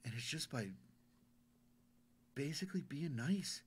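A man speaking as a veteran guest in a relaxed interview, earnest and open. His voice sits at an ordinary middle pitch. He tends to repeat words as he gathers his thoughts, keeping the talk loose and unpolished. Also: unhurried, a little hiss or hum. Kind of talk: casual interview storytelling.

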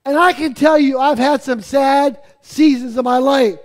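A man's voice: very high voice, a little slow. A man in his fifties preaching a sermon to his church, earnest and pleading, with joking asides to the congregation. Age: 50s. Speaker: pastor. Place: church sanctuary.

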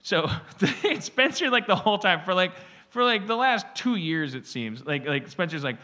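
A man with a bright, fairly high voice rambles through a casual podcast story. He swears freely and acts out little voices and quotes as he goes. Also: very animated, normal speed. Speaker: podcast host. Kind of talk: casual chat.

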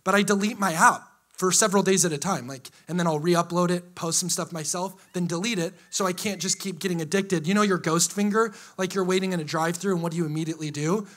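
Bright-voiced high-energy male preacher. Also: fast. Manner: energetic, joking with the congregation, rising to shouts of excitement. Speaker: pastor. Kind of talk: sermon. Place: church hall before a live congregation.

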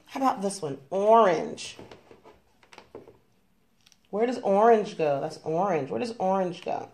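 A woman's voice: medium pitch, lively intonation, takes it slowly, pauses often, darkish tone. A young woman at home teaching her toddler colors and letters, patient and coaxing, with plenty of praise. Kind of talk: gentle toddler lesson at home.

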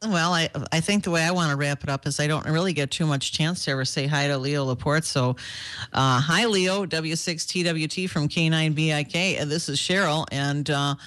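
A woman's voice: low-pitched, moderate pace, fairly bright tone. A woman who moderates the chat room for a ham radio show, talking in a bubbly, enthusiastic way and laughing often.

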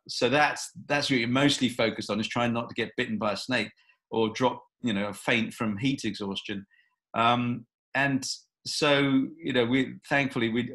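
A man, a film director, talks through an interview answer in a relaxed, meandering way. He fills pauses with "um" and "you know" and often restarts his sentences, in a medium-pitched voice. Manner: relaxed, rambling, frequent fillers and restarts.

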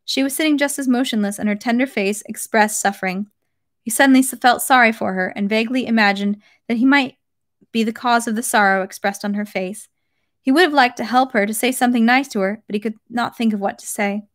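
A young woman reading a long classic novel aloud, steady, with occasional slips and restarts. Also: fairly high pitch, a little fast. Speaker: reader.

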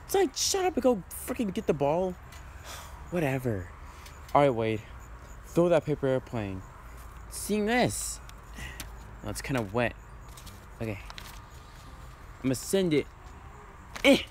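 A man's voice: on the high side, huge pitch swings, measured pace, long pauses, darkish tone, slight background noise. A young man performing a casual improvised comedy skit, voicing several friends who bicker in whiny, slangy banter full of fillers.

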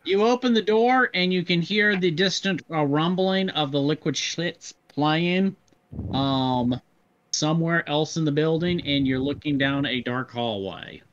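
Brief: man game master, unhurried, many ums, slightly high voice, dull lo-fi sound. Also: a bit bright, slight background noise. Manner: slow narration with many fillers. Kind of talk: narrating a tabletop game. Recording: dull lo-fi recording.

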